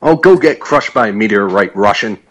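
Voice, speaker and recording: Husky male co-host, lively swinging pitch, sardonic storyteller. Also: brisk, low-quality recording. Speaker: podcast co-host. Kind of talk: casual banter.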